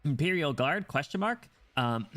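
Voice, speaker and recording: A male streamer chatting excitedly and rambling, breaking into sudden high squeals of delight. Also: unhurried. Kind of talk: casual livestream chat while reading a game story.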